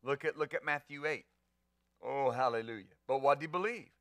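A man's voice: mid-range voice, a little fast, a bit bright, no echo. A man pastor preaching a sermon, emphatic, asking rhetorical questions and answering them.

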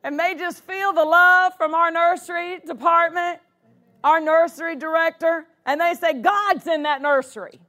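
A woman's voice: extremely high pitch, level tone, normal speed, bright, forceful tone. A woman pastor preaching a sermon in a church, punctuating her points with exclamations of praise. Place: church sanctuary.

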